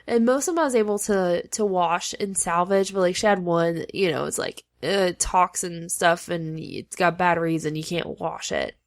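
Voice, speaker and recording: A young woman co-hosting a podcast, telling home stories in lively casual chat, often laughing. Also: fairly low pitch, normal speed, few pauses. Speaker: podcast co-host.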